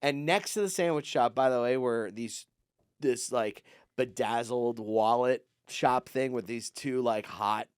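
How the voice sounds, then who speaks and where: Comedian guy rambling thru a story on a podcast, clean smooth voice, dry mic, does goofy high voices for people. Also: measured pace, no echo. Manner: rambling anecdotes, acts out quoted people in a higher voice. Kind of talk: casual storytelling chat.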